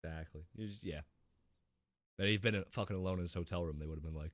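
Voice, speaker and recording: A man co-hosting a gaming podcast in casual chat, animated and profane, often laughing. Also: deep voice, fast talker, no echo. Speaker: podcast co-host.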